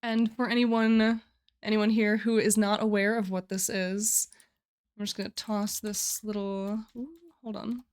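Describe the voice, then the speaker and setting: A woman's voice: medium pitch, level tone, measured pace, darkish tone, smooth. A young woman streaming live, chatting casually and giggling often as she walks through her writing challenge. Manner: chatty, giggly, restarts phrases.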